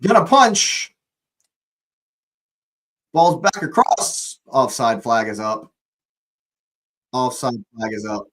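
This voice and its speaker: Angry swearing football watch-along ranter. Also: male voice, medium pitch, big pitch swings, slow, pauses often, fairly bright tone, poor audio. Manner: angry ranting, swearing, repeats himself. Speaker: live watch-along host.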